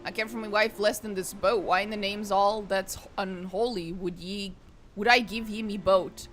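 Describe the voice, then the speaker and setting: A woman's voice: medium pitch, steady tone, moderate pace, a bit bright, lightly acted. Woman putting on creepy old pirate ghost voice, theatrical growl, kinda slides into a drawl, game music faint behind. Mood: scornful. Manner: put-on pirate voice drifting toward a drawl. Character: menacing old male ghost skeleton pirate.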